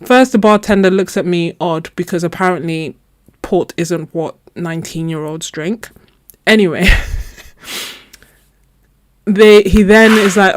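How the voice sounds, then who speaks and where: Woman, young adult, casual chat, animated storyteller, dry close sound. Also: mid-range voice, a little slow, no room sound. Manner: animated storytelling, laughs often. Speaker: art channel host.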